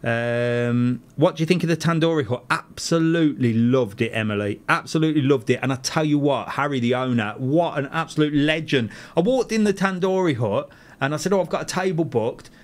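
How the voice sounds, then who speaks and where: A travel channel host in his 40s chats casually on a studio live stream, reading viewers' comments aloud and answering with self-mocking laughs. His voice is medium in pitch and moderately paced.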